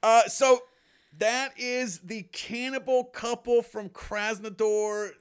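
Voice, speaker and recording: A man's voice: very high-pitched, steady tone, takes it slowly, smooth. A man co-hosting a podcast, talking casually with lots of swearing and false starts. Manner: profane, rambling, frequent restarts. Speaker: podcast co-host. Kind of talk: casual chat.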